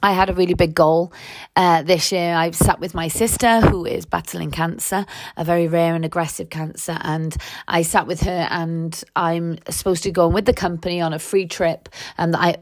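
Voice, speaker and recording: A woman's voice: on the low side, fairly even intonation, moderate pace. A middle-aged woman, giving an earnest, conversational motivational talk full of fillers. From Wales. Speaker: podcast host. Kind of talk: motivational monologue.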